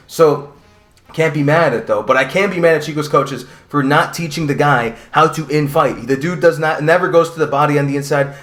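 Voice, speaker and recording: A man's voice: fairly high pitch, a bit bright. Profane, rambling guy in an echoey room. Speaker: combat sports commentator. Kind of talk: casual profane fight recap. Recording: roomy echo.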